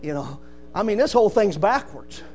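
A man's voice: sits high, big pitch swings, normal speed, vocal fry, darkish tone, soft background music. A man preaching a sermon, emphatic and rising, calling out "amen" often. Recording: mains hum.

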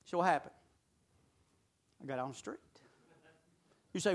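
A middle-aged man preaching a sermon, folksy and full of rhetorical questions, swinging from shouts to low intimate talk. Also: moderate pace, long pauses.

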